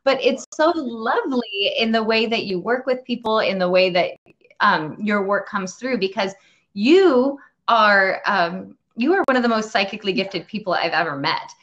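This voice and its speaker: A woman's voice: mid-range voice, lively intonation, a bit bright, lo-fi sound. Chatty, laughing woman host. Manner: chatty, halting, many fillers and restarts; laughs often while talking. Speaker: interview host. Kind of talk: casual video interview.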